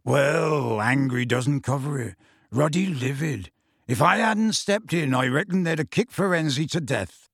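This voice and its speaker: Casting: a man doing a gruff, secretive giant of a gamekeeper, clipped and colloquial, fairly high voice, dry recording. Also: animated, a little slow, fairly bright tone, no echo, heavily acted.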